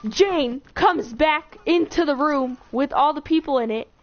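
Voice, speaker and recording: A woman's voice: high voice, unhurried. A young woman in casual chat, recapping a TV show in a rambling way with lots of "like" and restarts. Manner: rambling, full of "like" and restarts, breaks into acted quotes. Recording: dull lo-fi recording with faint noise.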